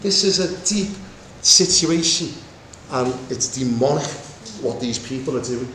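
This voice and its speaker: A man preaching a Bible teaching, animated and acting out the voices in the story. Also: mid-range voice, measured pace, slight background noise. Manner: animated, acts out voices of God and Moses. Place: meeting room with congregation. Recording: echoey room with faint ambience.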